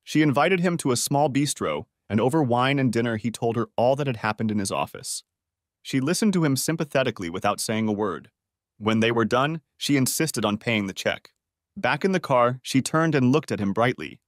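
Expressive male audiobook narrator. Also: mid-range voice, brisk, no room sound, clean studio sound.

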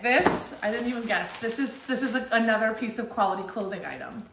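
Young woman, texan accent, high voice, giggly and animated, echoey room. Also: fairly quick, gravelly, a little hiss or hum. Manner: giggly, animated, swears casually. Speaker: vlogger. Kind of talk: casual unboxing vlog.

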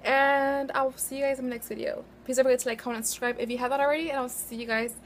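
Chatty young woman with a high voice. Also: steady tone, very fast, slight background noise. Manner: chatty, rambling, self-correcting. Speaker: beauty vlogger. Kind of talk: casual chat.

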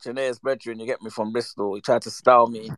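A man, chatting casually and reminiscing with lively slang, acting out the voices in his stories. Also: medium pitch, fast talker, no echo. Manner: animated, slangy, acts out quoted voices. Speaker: storyteller.

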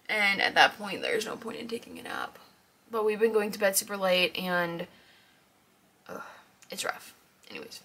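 A woman's voice: mid-range voice, fairly bright tone, breathy edge. A woman chatting casually in a vlog about her week and her reading, talking in a rambling way with lots of fillers while congested and with a scratchy throat. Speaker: book vlogger.

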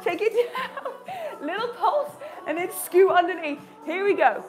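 A woman's voice: very high voice, animated, unhurried, loud music behind the voice. A woman leading a live home workout, cueing the moves with upbeat encouragement and chatting to her dog between counts. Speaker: fitness instructor.

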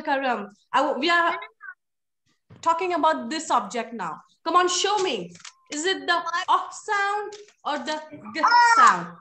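A woman teaching young children over a video call, playful and encouraging with a sing-song lilt. Her voice sits very high and bright. A faint hiss sits behind her computer mic. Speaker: online phonics teacher. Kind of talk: live online class with young children.

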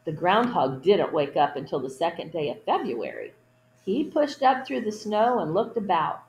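Woman storytime reader, picture-book read-aloud, gentle asides to children. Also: fairly low pitch, huge pitch swings, normal speed, echoey room, slight background noise, low-quality recording. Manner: gentle asides to young listeners.

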